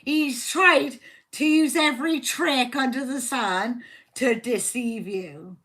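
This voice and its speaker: A woman's voice: high voice, slow, a bit bright. A woman giving a live tarot reading, heated and fiercely protective of her viewer, swearing constantly. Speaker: tarot reader.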